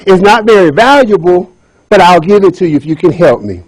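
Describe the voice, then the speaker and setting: A man's voice: high-pitched, animated, a little fast, a little mellow, no echo. A scared poor young woman pleading, told by a man in his own voice. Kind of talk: storytelling speech.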